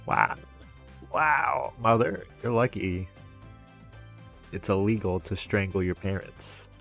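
A man's voice: on the low side, slow, vocal fry, fairly bright tone, faint music behind, full character voice. A man voicing a sulky, sarcastic young actress in a video game, in a voice close to his own.

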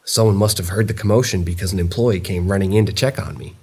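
Low, husky male narrator for scripted horror reads, measured and steady. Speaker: narrator of viewer-submitted stories.

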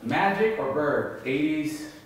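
A man's voice: a little high, expressive, slow pace, far from the mic, slight background noise. A man in his thirties, born in the eighties, cutting in with teasing sports questions. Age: 30s. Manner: teasing, challenging sports banter. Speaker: colleague joining in. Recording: very echoey room, off-mic.

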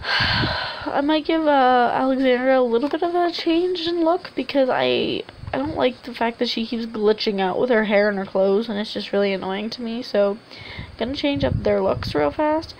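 A woman with a high voice and a noticeable gravelly fry chats through her gameplay in a loose, rambling way, urging the characters on as she goes. Faint hiss sits under her desk-mic recording. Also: lively intonation, moderate pace, rough recording. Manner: chatty, rambling, coaxing game characters aloud. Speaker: gameplay video host. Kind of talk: casual let's-play commentary.

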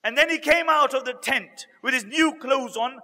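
A man telling a story in a sermon, earnest and dramatic, with emotional pauses. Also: very high-pitched, bright, forceful tone, slight background noise. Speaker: preacher. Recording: long hall reverb.

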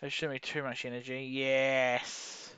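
A young man giving rambling, sweary commentary while playing a geography game, with sudden excited outbursts. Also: medium pitch, measured pace, smooth, dry recording. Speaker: gaming YouTuber. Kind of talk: casual gameplay commentary.

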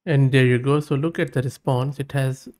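A man at a middle pitch talks through a screen-recorded tutorial. He narrates each step as he goes and reads his prompts and the results aloud. His verdicts come out upbeat and plain-spoken. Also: steady tone, moderate pace, darkish tone. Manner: thinks aloud while testing, reads prompts and outputs aloud. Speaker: tech channel host.

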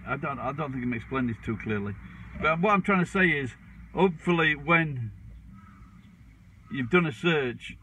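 A man in his fifties talks loosely to his viewers, starting sentences over and trailing off as he goes. His voice sits at an ordinary middle pitch, and he keeps a self-mocking tone. A faint hiss runs underneath. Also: a bit bright, poor audio. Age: 50s. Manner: rambling, with frequent restarts and fillers. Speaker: vlogger. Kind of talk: casual chat to camera.

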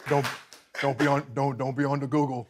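A man's voice: medium pitch, little pitch movement, fairly quick, heavy background noise, lightly acted. A man doing an impression of a big athlete who teases in a lazy, repetitive drawl. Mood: teasing. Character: deep-voiced big male athlete, teasing.

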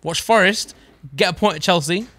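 A man's voice: high voice, moderate pace, bright, forceful tone, no echo. A young man co-hosting a podcast, chatting and telling stories with laughs and restarts. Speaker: podcast co-host. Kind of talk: casual chat.

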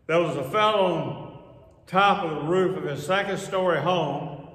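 A man preaching a sermon in a church, his voice bright and a little high. He speaks slowly and repeats key phrases for emphasis. The sound rings with a long reverb. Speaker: pastor. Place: church sanctuary. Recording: echoey hall with long reverb.

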